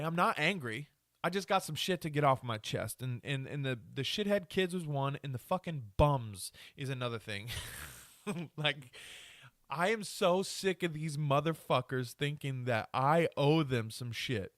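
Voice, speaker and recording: A man's voice: mid-range voice, expressive, moderate pace, a bit bright, no room sound, clean studio sound. A man hosting a podcast, ranting angrily and swearing a lot, trailing off and restarting his sentences. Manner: angry, profane ranting with rambling restarts. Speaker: podcast host. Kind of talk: solo podcast rant.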